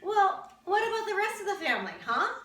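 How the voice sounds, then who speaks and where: A woman's voice: very high-pitched, big pitch swings, brisk, a bit bright, echoey room, far from the mic, poor audio. A woman from Canada chatting casually to camera as a vlogger, with wry, amused asides.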